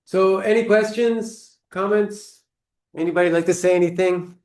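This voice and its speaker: A man's voice: sits high, fairly even intonation, normal speed, darkish tone, echoey room. A man hosting a devotional video call, inviting questions and speaking with enthusiastic, emphatic praise.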